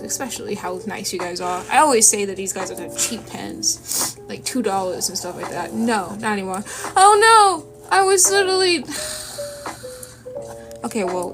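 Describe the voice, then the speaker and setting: A woman's voice: medium pitch, normal speed. Chatty woman drawing on stream. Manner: chatty, rambling, self-deprecating asides. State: sniffly from a runny nose. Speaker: art streamer. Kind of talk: casual chat while drawing. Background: lofi music.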